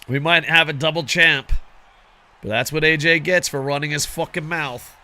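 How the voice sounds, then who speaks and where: A man giving casual, excitable video game commentary, swearing constantly and talking to his viewers as "boys.". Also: on the high side, moderate pace. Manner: excitable, heavily profane, addresses viewers as boys. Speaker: gaming commentator.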